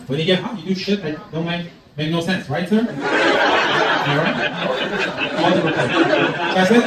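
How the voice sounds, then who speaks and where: A man in his sixties performs a stand-up set on a club stage, animated and acting out characters. His voice sits high and carries a lot of room echo from a distance. Audience laughter runs underneath. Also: moderate pace, pauses often, over a noisy crowd, heavy background noise. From Iran. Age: 60s. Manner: animated, acts out voices in jokes. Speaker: stand-up comedian.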